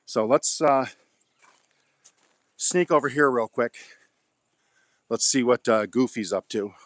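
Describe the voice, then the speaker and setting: Man, folksy homestead vlogger, medium pitch, chatting in the backyard and talking to his dog. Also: takes it slowly, no room sound. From Oklahoma. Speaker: gardening vlogger. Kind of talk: casual chat while gardening. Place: backyard garden, outdoors.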